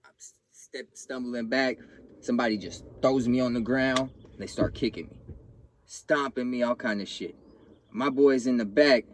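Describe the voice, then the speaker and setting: A man's voice: medium pitch, moderate pace, slight background noise. A young man telling a personal story in casual, profane street slang, acting out the other people's lines. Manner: blunt, profane street slang, acts out quotes with raised voice.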